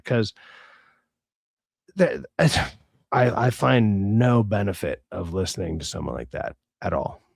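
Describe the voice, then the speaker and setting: A young adult man hosts a casual livestream, ranting profanely and in exasperation with many stammered restarts while he reads chat messages aloud. His voice is lowish with vocal fry, recorded cleanly in a studio with no room sound.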